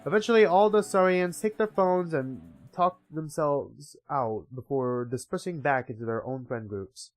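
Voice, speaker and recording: A man's voice: on the high side, normal speed, few pauses, soft background music. A young man streaming a game, chatting casually, swearing freely and reading the story aloud.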